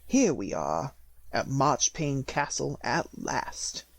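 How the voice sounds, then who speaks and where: A man's voice: medium pitch, big pitch swings, slow, no echo, full character voice. A man reading an audiobook, voicing a courtly young nutcracker prince who speaks formally and earnestly.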